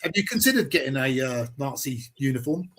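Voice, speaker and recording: A man hosting a live stream, arguing heatedly, swearing and firing rapid rhetorical questions. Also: mid-range voice, expressive, crowd noise.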